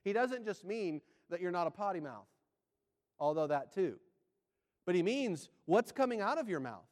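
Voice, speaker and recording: Man preaching, high voice, lots of rhetorical questions, loud then hushed, long echo. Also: big pitch swings, moderate pace. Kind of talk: sermon.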